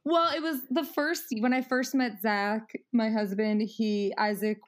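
A woman's voice: a little high, fairly even intonation, a little slow. A woman in her thirties talking casually as a podcast guest, rambling with many fillers and frequent laughs.

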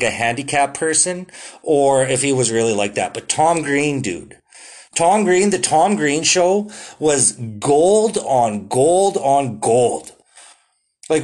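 Young guy from canada ranting solo on his podcast, swears a ton, says dude and like constantly. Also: mid-range voice. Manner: profane, excitable, drawn-out "dude" and "like" fillers. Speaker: podcast host. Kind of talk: casual solo podcast monologue.

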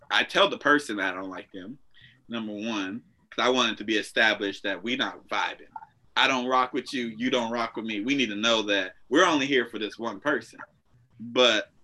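Young guy cohosting a podcast, blunt, swears a lot, bright lively voice. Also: mid-range voice. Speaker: podcast co-host. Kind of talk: casual chat.

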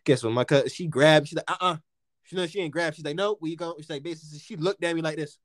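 A man from the United States hosting a casual podcast chat, telling stories in an animated way with lots of slang and swearing and acting out what people said. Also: fairly high pitch, fast talker, no room sound. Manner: animated storytelling, heavy slang and swearing, acts out quotes. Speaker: podcast host.

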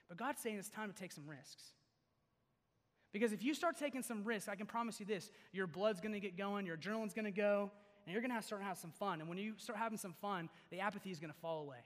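Young guy preaching, lively and jokey, goes loud then quiet, voice on the higher side, big echoey hall. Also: quick pace. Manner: animated, joking, swings from loud to hushed. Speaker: youth pastor. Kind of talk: sermon. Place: large hall before an audience. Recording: long hall reverb.

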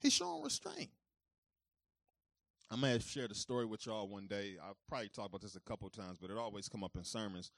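A man preaching a sermon who moves between calm teaching and loud, high-pitched preaching, talking informally straight to his congregation. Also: rapid-fire, few pauses, no room sound, studio quality. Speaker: pastor.

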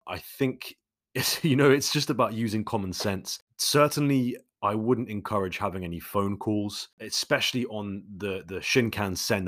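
Low-voiced man answering questions. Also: a bit bright, dry recording, studio quality. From London. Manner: conversational, many fillers and restarts. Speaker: YouTube host answering viewer questions. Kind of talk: casual Q&A monologue.

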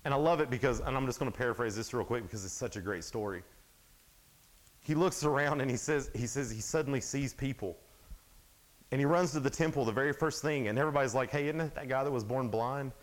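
A young man preaching a casual youth sermon, retelling Bible stories in an animated way with lots of fillers. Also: medium pitch, fast, poor audio. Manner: animated storytelling, acts out Bible scenes; casual, filler-heavy talk with frequent "like". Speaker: youth speaker.

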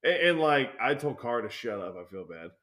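A young man chats loosely on a podcast, cursing freely as he rambles through a story. His voice sits at an ordinary middle pitch. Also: big pitch swings, normal speed, a bit bright. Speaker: podcast co-host. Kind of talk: casual chat.

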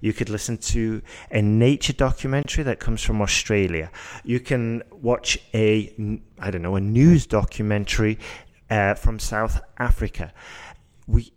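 A man from England with a Yorkshire accent, an IELTS teacher talking through exam tips in a relaxed discussion, often restarting and rephrasing as he thinks. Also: lowish voice, unhurried. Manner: thoughtful, restarts and rephrases as he explains. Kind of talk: casual discussion.

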